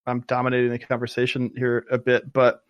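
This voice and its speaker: A man's voice: medium pitch, completely flat delivery, a little fast, clear, resonant tone, dry recording, muffled recording. A man from Philadelphia, a podcast guest who talks earnestly and with enthusiasm, stumbling over his restarts. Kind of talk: casual chat.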